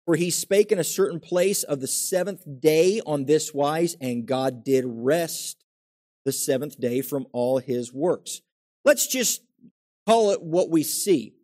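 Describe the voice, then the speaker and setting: A middle-aged pastor delivers a conversational sermon, posing questions to his congregation and acting out everyday quotes. His voice is fairly high-pitched with a darkish tone.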